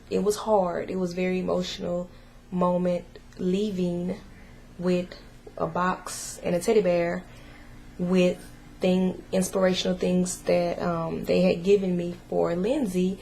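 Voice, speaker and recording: A woman talks slowly in a low, flat voice with a gravelly edge, stopping often and filling gaps with hesitant fillers. She sounds soft and emotional, as if holding back tears, in a casual personal vlog. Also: a little hiss or hum. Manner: halting and hesitant, full of pauses and fillers. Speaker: mother giving a family update.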